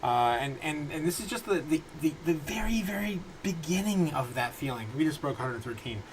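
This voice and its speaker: A man in his thirties hosting a casual crypto livestream from his home, rambling through viewer comments with halting restarts and frequent laughs. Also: on the high side, animated, slight background noise, poor audio. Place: home room.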